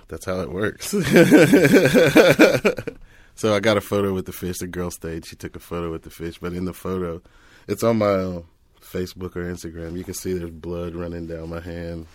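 A man telling an animated, laugh-filled story as an interview guest, with frequent restarts. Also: low voice, no echo. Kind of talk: casual storytelling.

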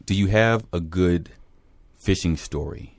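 A man's voice: low voice, a little slow, dry recording. A man interviewing a guest with upbeat, friendly prompts. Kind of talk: casual interview questions.

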